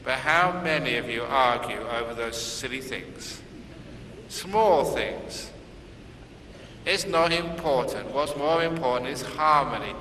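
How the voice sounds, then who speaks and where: A man's voice: medium pitch, slow pace, bright, forceful tone, slight background noise. A man, a Buddhist monk, giving a dharma talk with humorous storytelling. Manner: humorous storytelling, laughing at his own jokes. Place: Singapore, large hall. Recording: echoey hall from far off, faint ambience.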